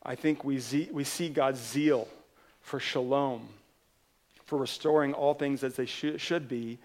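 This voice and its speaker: A man preaching a sermon as pastor, telling a story in an animated way and driving points home with emphatic repetition. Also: mid-range voice, measured pace.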